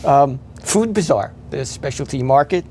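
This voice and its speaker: A man talking in a relaxed local interview, listing event details with many fillers and restarts. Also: medium pitch, moderate pace, slight background noise. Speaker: event organizer guest. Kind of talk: casual interview chat.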